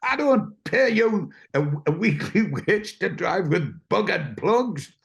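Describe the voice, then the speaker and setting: A gruff older boss barks out his scolding in a raised, gravelly voice. He is bossy and short-tempered. A man acts him out while telling a story. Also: sits high, very animated, slow pace, voice pushed up, heavily acted. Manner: shouting, scolding.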